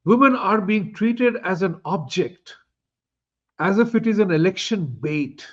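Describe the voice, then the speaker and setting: A man's voice: sits high, lively intonation, measured pace. A man hosting an interview, making emphatic points and asking rhetorical questions. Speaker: show host. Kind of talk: opinionated interview talk. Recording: dull lo-fi audio.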